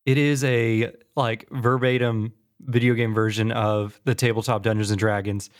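A man's voice: medium pitch, normal speed. A man hosting a casual gaming podcast, telling stories animatedly and peppering his talk with "like". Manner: animated storytelling, mimics friends; casual, fillers like "like". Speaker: podcast host.

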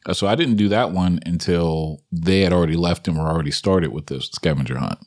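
Deep-voiced rambling man telling a story. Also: fairly quick, a little mellow. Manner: rambling, laughs often, many fillers. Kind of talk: casual storytelling chat.

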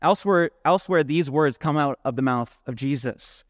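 A male pastor preaching a sermon in a relaxed, conversational way, slipping into animated retellings full of "like" asides. His voice sits a little high for a man. The sound is close and dry, with little room echo. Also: moderate pace, few pauses. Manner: casual, animated storytelling with "like" asides. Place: church.

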